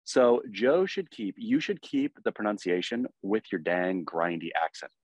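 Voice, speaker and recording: An animated American man co-hosting a podcast, his voice sitting a bit low. He drops into mock dialogue and laughs often. The sound is dry and close. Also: measured pace, no echo. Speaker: podcast co-host. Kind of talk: casual chat.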